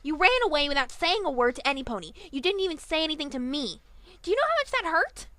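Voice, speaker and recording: A woman voicing a brash, furious young female griffin in a fan audiobook reading, shouting and confrontational with slangy talk. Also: high-pitched, big pitch swings, quick pace, voice pushed up, full character voice. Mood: accusing.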